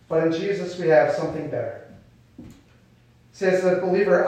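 A man preaches a sermon in a relaxed, conversational way, slipping into quoted voices as he goes. His voice sits high for a man. He is heard from a distance in a strongly echoing hall. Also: normal speed, long pauses. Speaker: pastor. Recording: echoey hall, mic far off.

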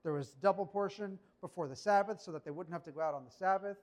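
High-voiced man preaching conversationally. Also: fast talker. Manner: conversational, animated, rhetorical questions. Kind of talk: sermon.

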